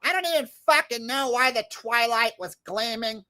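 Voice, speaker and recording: A man's voice: very high voice, moderate pace, bright, forceful tone, voice pushed up, full character voice. A man doing a comic impression of a brash, foul-mouthed middle-aged woman who rants and swears defiantly. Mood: mocking.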